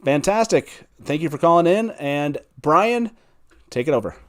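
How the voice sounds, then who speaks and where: A man hosting a live call-in show, upbeat and quick to laugh as he greets callers. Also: fairly high pitch, lively intonation. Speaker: host.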